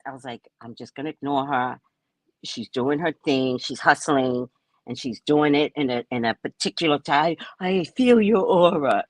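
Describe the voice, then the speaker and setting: A woman's voice: deep voice, dry recording. A woman psychic reader telling a story on a casual live stream, brash, profane and mocking.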